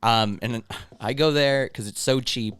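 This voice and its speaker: A man's voice: medium pitch, moderate pace, fairly bright tone, clean tone. A young adult man, a comedian, telling casual stories on a podcast, swearing and breaking into voices of customers. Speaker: comedian guest.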